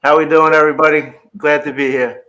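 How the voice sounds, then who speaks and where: A man's voice: fairly high pitch, little pitch movement, quick pace, pushed and bright, dull audio. Brash, jokey male contestant. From New York. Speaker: comedy contestant.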